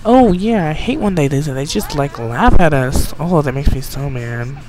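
A man giving excitable, chatty let's play commentary, bossing his game characters around. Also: on the high side, moderate pace, music in the background. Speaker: game streamer. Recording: noisy home recording.

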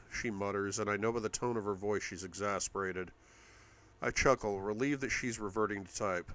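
A man narrating a first-person novel aloud, steady, going low and quiet in intimate passages. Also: fairly quick. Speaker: audiobook reader.

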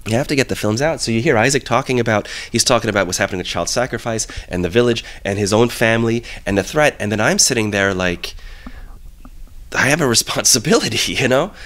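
An excitable man, a film producer, talking in an interview. He has a mid-range voice, restarts sentences quickly and breaks into laughter. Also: mid-range voice. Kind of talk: enthusiastic interview talk.

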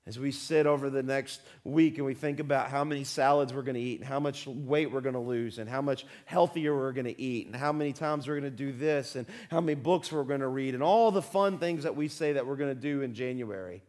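A man preaching a church sermon, full of rhetorical questions, swinging between loud emphasis and quiet, low-key appeals. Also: fairly quick, hardly any pauses. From southern United States. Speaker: pastor. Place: church sanctuary.

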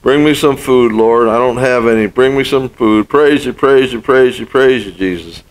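A man's voice: medium pitch, moderate pace, lightly acted, poor audio. A man voicing an elderly devout woman who praises over and over with fervent repetition. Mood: pleading.

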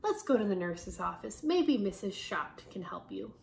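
A woman's voice: mid-range voice, very animated, normal speed, gravelly, darkish tone, a little hiss or hum. A woman voicing a helpful young schoolboy, close to her own reading voice.

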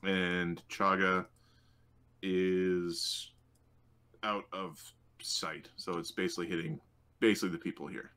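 Casting: low-pitched man as a game master, slow and unhurried, lots of "uh"s. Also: level tone, sharp tone, clear, resonant tone. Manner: unhurried, thinking aloud with many fillers. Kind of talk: running a tabletop game.

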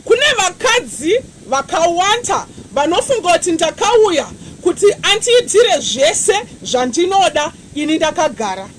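A woman evangelist, preaching a sermon with animated, repetitive emphasis. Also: extremely high pitch, measured pace, hardly any pauses, slight background noise, poor audio. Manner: animated preaching, repeating phrases.

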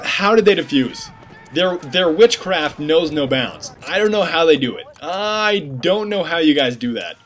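A man talking over his own gameplay in a loose, slangy, joking way, drifting into mock-serious asides. His voice sits a little high for a man. A faint hiss of noise runs under the recording. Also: a bit bright. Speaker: gameplay commentator. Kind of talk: casual gameplay commentary.

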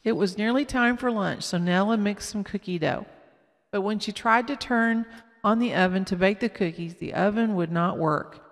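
A woman reading a children's story aloud slowly and carefully, with small slips. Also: mid-range voice. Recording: long echoing reverb.

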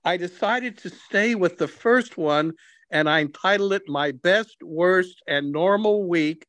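A man's voice: sits high, unhurried, fairly bright tone, no echo. A man on a video call who presents his drawing hesitantly, with many ums. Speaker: workshop participant. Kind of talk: casual show-and-tell.

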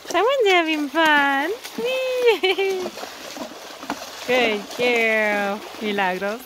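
A woman's voice: high voice, lively intonation, very slow, noisy background. A woman vlogging outdoors on a trail ride by a creek, talking playfully and cooing to her animals. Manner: cooing, playful talk to animals, frequent laughs. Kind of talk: casual vlog narration.

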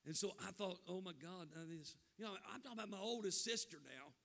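An older man preaches in a church sanctuary, his voice sitting high with a gravelly rasp. His words ring out into a long hall reverb. He talks with fervent emotion and draws out his phrases. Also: lively intonation, fast, bright, forceful tone. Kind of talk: emotional revival sermon storytelling.

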